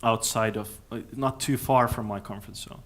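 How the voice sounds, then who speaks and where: A man speaking at a conference, answering audience questions in a thoughtful, halting way with many restarts. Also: on the low side, steady tone. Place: conference hall.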